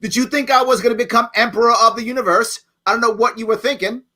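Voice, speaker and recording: A man's voice: extremely high pitch, steady tone, quick pace, bright, forceful tone. A man talking bluntly and emphatically as a candidate in an online question session over a video call. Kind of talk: lively campaign talk.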